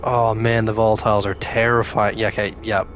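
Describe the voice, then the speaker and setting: Give me a man doing casual gameplay commentary, jumpy and rambling, with steady noise behind him. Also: on the low side, brisk. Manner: jumpy, talks to himself, sudden scared outbursts. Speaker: gaming YouTuber. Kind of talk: casual let's-play commentary.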